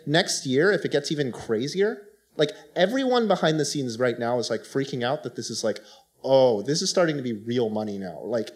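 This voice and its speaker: A man's voice: mid-range voice, a little mellow. Emphatic man on a conference panel. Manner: fast, emphatic, heavy use of "like".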